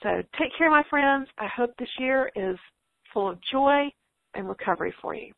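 A woman's voice: high voice, expressive, moderate pace, vocal fry, no echo. Middle-aged woman encouraging mothers over a tinny line. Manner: warm, reassuring, quotes scripture. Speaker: guest speaker. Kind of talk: encouraging Christian talk. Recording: tinny phone-like line, dry.

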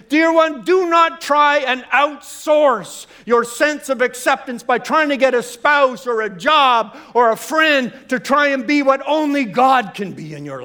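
A male preacher giving a sermon, emphatic and animated, telling humorous stories and repeating phrases. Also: very high voice, smooth.

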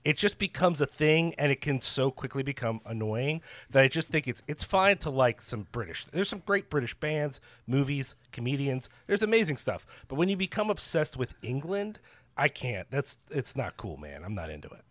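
A man's voice: medium pitch, sing-song, normal speed, a bit bright, no room sound. A man co-hosting a podcast, ranting in an exasperated way and swearing in casual chat. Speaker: podcast co-host.

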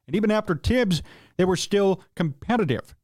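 A man's voice: high-pitched, lively intonation, normal speed, a little mellow, dry recording, studio quality. A man hosting a solo sports talk show, ranting in an opinionated, exasperated way and asking rhetorical questions. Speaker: sports radio host.

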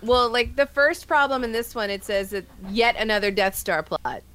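A woman co-hosting a casual movie review podcast, telling scenes in an animated, excitable way. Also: fairly high pitch, normal speed. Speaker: podcast co-host.

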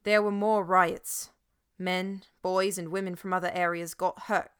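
A woman reading the part of a frightened male doctor who speaks haltingly, in a dry studio recording. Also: fairly low pitch, little pitch movement, clean tone, no echo, lightly acted. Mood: nervous, halting. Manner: halting, nervous.

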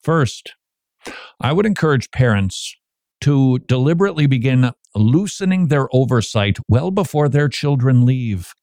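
Animated Christian radio host, man. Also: mid-range voice, measured pace, no echo, studio quality. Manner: animated, acts out parents in quoted asides. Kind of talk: Christian radio talk commentary.

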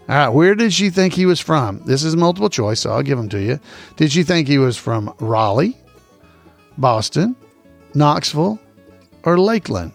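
Man, trivia host, gravelly voice, unhurried, folksy, soft music behind. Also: on the high side, big pitch swings. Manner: folksy, repeats questions, chuckles to himself. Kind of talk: casual podcast trivia hosting.

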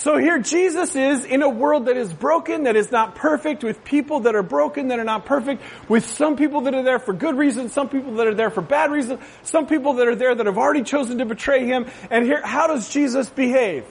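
A pastor preaching a sermon in a conversational way, often checking with listeners and adding jokey asides. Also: male voice, extremely high pitch, fairly quick, creaky, hardly any pauses, slight background noise. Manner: conversational, asks the crowd "right?".

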